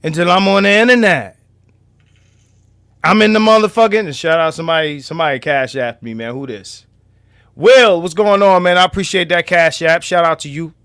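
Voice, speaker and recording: A man hosting a casual livestream, loud and profane, now and then dropping to a low mutter. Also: normal speed, smooth, dry recording, clean studio sound. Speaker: livestream host.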